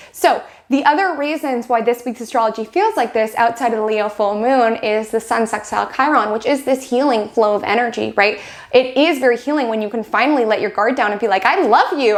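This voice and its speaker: A young woman hosting an astrology show, talking in a bubbly, chatty way and acting out dramatic quotes. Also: on the high side. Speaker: astrology channel host. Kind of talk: casual chat to camera.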